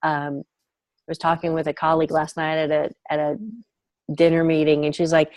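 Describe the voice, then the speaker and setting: A woman hosting a casual group call, chatty and animated, laughing often as she tells stories. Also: sits low, brisk.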